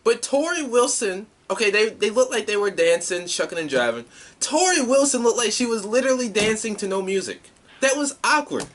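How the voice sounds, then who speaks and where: A man's voice: high-pitched, big pitch swings, a little fast, fairly bright tone. A man co-hosting a podcast, chatting casually through a wrestling recap and swearing now and then. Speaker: podcast co-host.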